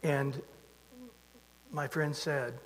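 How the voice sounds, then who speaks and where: A man's voice: a little high, steady tone, drawn-out words, slight background noise. A man preaching a sermon in a conversational way, asking his listeners rhetorical questions. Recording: long hall reverb.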